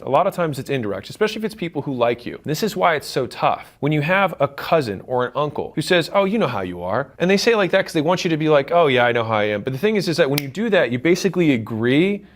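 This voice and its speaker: A man in his thirties giving blunt, emphatic advice straight to camera, swearing for emphasis and acting out what relatives say. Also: fairly high pitch. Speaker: business creator giving advice. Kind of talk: direct-to-camera advice talk.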